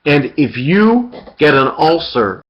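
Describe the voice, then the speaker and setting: A man's voice: fairly high pitch, big pitch swings, takes it slowly. A man giving an interactive surgery lecture, quizzing students by name and repeating key points. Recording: dull lo-fi lecture recording.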